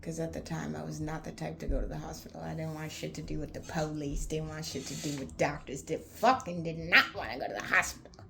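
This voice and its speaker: A young woman with a low, gravelly voice tells her own story in a blunt, profane, unfiltered way. She rambles casually, leaning on fillers as she talks. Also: fairly even intonation, a little fast, noisy background. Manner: rambling, with many fillers like "like" and "anywho". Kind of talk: candid personal storytelling.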